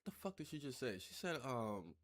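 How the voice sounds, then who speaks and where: A man talking over a game he is playing, loose and unscripted. He rambles, swears freely and slides into sarcasm, his voice sitting at an ordinary middle pitch. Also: sing-song, brisk, a bit bright. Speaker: gameplay commentator. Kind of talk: casual let's-play commentary.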